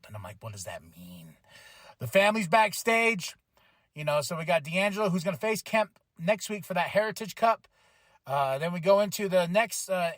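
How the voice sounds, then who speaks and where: A man hosting a podcast, recapping a wrestling show in casual chat, excitable, laughing and acting out what people said. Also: sits high, dry recording. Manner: excitable, acts out quotes, swears, laughs often. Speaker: podcast host.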